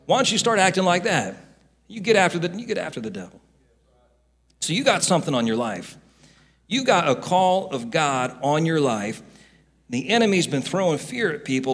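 Husky, animated male preacher. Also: a little high. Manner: animated preaching that builds to loud, emphatic rebukes. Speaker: pastor. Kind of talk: sermon.

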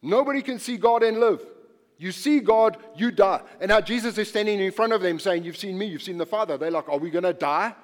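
High-voiced man preaching in a reverberant hall. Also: fairly quick. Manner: animated preaching, repeats phrases for emphasis, swings from soft to loud. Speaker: pastor. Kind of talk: sermon.

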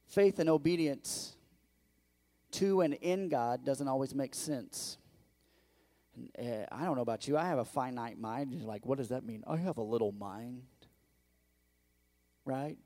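A male pastor delivers an animated, unhurried sermon with long pauses, speaking conversationally. He questions the congregation, acts out quoted voices, and shifts between loud bursts and quiet, low asides.

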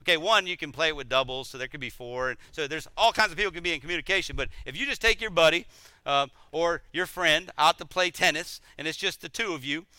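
A middle-aged man teaching a conversational sermon, animated and self-deprecating, often repeating words as he goes. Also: fairly high pitch, fast, no room sound.

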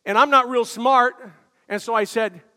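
An older male pastor preaching a sermon, telling stories with frequent "uh" fillers and building to shouted emphasis. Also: very high voice, fairly even intonation, moderate pace. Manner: storytelling preacher with many "uh" fillers, rising to shouts. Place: church sanctuary. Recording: long hall reverb.

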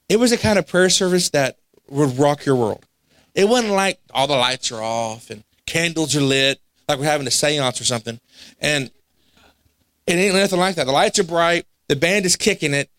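Animated preacher with a higher voice. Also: male voice, no echo. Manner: animated, acts out quoted voices, laughs at himself. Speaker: pastor. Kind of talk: storytelling sermon. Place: church sanctuary.

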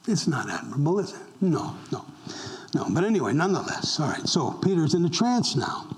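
A man's voice: fairly high pitch, sing-song, fairly quick, poor audio. An older man, a pastor, preaching a conversational sermon and asking the congregation questions as he goes.

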